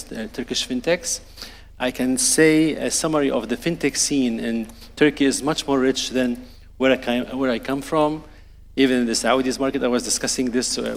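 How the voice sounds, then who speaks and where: A man in his fifties introducing himself on a conference panel, hesitant, with many fillers. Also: mid-range voice. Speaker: panelist, banking executive. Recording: reverberant conference hall.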